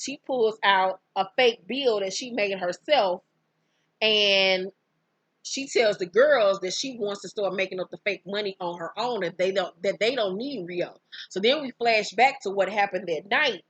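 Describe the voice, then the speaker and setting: Husky-voiced woman recapping a TV episode. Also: mid-range voice, a bit bright, no room sound. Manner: profane, slangy storytelling, acting out characters' lines.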